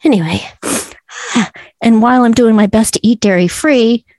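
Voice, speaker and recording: A woman's voice: a little high, measured pace, a little mellow, no room sound. A middle-aged woman hosting her own podcast, speaking earnestly and enthusiastically, at times teary with emotion. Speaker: podcast host. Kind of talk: solo podcast monologue.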